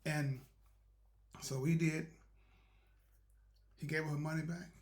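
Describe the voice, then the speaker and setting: This motivational show host speaks slowly in a higher-leaning voice with fairly even intonation. His talk is a meandering, homespun tale about doing the right thing, laced with spiritual encouragement, delivered as a relaxed storytelling monologue.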